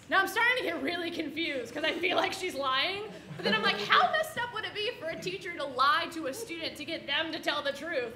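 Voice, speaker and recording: A woman tells a comic personal story on stage, animated and quick to land punchlines. Her voice sits high, and it rings through an echoey room over constant background noise. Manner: comic, animated, with audience laughter between lines. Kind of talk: live personal storytelling performance. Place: stage before a live audience.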